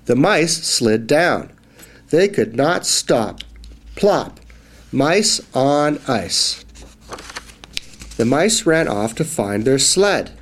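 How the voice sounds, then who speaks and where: A man reading a children's phonics book aloud, slow and clearly enunciated. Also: medium pitch, very animated. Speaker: reader.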